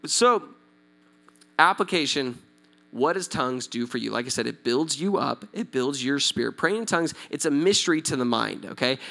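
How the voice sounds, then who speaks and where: A man's voice: medium pitch, moderate pace, vocal fry. A male pastor preaching in a casual, joking way, laughing often, restarting words, and talking straight to his audience. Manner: repeats and restarts words when excited. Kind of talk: conversational sermon.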